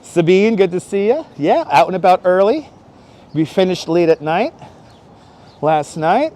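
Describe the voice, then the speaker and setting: A man's voice: high voice, big pitch swings, unhurried, darkish tone. A man chatting casually with viewers while live-streaming as he walks city streets, greeting them by name and joking. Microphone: wireless clip-on mic.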